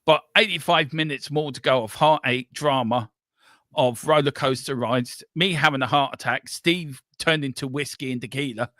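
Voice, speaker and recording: Host, male, bright and dry-toned, excitable live match caller. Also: medium pitch, moderate pace, no echo. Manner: excitable, running commentary with banter. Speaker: watchalong host. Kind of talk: live football play-by-play.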